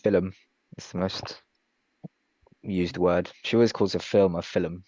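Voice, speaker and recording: A man's voice: sits low, steady tone, a little slow, dark tone, highs cut off. A man taking a flying lesson over a video call, hesitant and stumbling, restarting words and apologizing. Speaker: flight student. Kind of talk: casual online lesson.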